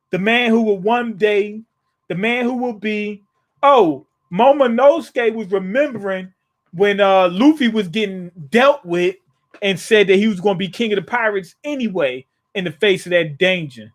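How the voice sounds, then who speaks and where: High-voiced man reacting casually to a comic. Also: normal speed. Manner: casual, slangy, paraphrases scenes in his own words; frequent restarts and chuckles. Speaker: manga reaction host. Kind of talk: live reaction, reading aloud and commenting.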